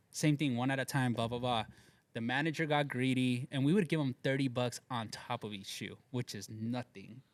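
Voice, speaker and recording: A man's voice: mid-range voice, no echo. A man telling street stories in casual chat, acting out quotes with lots of slang and swearing. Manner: animated, acts out quotes, heavy slang and swearing. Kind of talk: casual storytelling. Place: studio.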